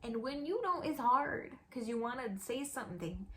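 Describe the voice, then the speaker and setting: A woman's voice: a little high, animated, normal speed, a bit bright, a little hiss or hum. A young woman and YouTuber telling a storytime in a casual, candid way, dropping "like" and "girl" often. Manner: chatty, candid, with frequent "like" and "girl".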